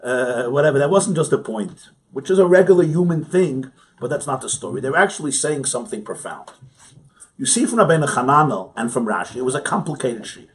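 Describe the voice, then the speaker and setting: Male rabbi, mid pitch, teaching a class in a study hall; conversational, poses rhetorical questions, laughs lightly. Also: very animated, brisk. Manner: conversational, asks rhetorical questions, chuckles often. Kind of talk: informal study-hall lecture.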